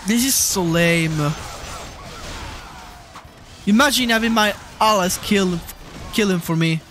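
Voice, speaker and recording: A gameplay streamer with a mid-pitched voice talks over their play, griping and swearing freely and breaking into sudden shouts at what happens on screen. Game music plays faintly underneath. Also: slow. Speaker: streamer playing a video game. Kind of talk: live gameplay commentary.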